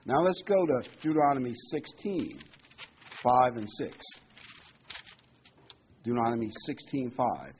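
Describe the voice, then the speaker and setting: A man preaching a Bible study, reading verses slowly with heavy emphasis and then explaining them in a casual, conversational way. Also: mid-range voice, breathy edge, muffled recording.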